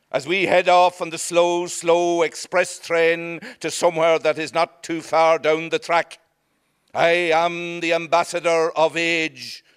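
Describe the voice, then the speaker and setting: An Irish man with a high, smooth, resonant voice delivers a comic speech. He speaks in a grand, mock-solemn way, like an ambassador addressing a crowd. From Ireland, Leitrim.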